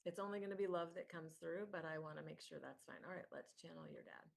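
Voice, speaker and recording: A woman's voice: deep voice, fast, creaky. A woman hosting a live channeling session who guides and encourages a participant.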